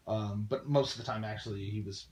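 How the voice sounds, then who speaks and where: A man's voice: on the low side, fairly even intonation, a little fast, darkish tone. A man giving a casual, profane film review, ranting bluntly with lots of ums and uhs.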